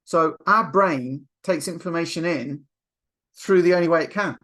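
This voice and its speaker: Animated man coaching on mindset. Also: fairly high pitch, moderate pace. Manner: animated storyteller, acts out quotes. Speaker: NLP coach. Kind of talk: motivational webinar talk.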